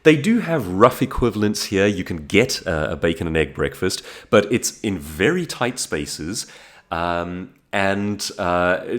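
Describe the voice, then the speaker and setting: A man from South Africa with a South African accent, telling stories in a casual monologue to camera with frequent restarts. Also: lowish voice. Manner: animated storytelling with frequent restarts. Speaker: vlogger.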